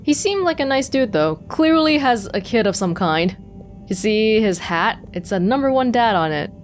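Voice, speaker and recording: A woman's voice: a little high, lively intonation, normal speed, faint music behind. A woman giving casual, amused commentary while playing a game. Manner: chatty, amused asides. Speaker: let's play gamer.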